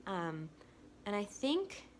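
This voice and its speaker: A young woman at a mid-range pitch tells her own story to the camera in a casual, excitable vlog manner. She is chatty and leans on 'like' as she talks. A faint noise sits under her voice. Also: takes it slowly. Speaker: vlogger.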